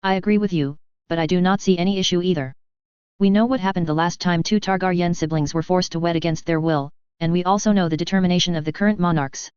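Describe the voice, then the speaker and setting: Calm thoughtful noble mother read by a woman, reasoning tone, smooth low voice, dry muffled recording. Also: quick pace, dry recording, natural voice. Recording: dry, slightly dull recording.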